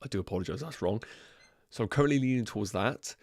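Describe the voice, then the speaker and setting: Low-voiced man chatting on a livestream. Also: fast, a little mellow, no echo, studio quality. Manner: chatty, thinks aloud, addresses viewers as guys. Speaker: fantasy football livestream host. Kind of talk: casual livestream chat.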